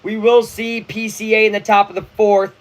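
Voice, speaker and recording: A young man hosting a casual live baseball watch-along, chatty and excitable, full of slang. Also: sits high, moderate pace, rough recording. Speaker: livestream host.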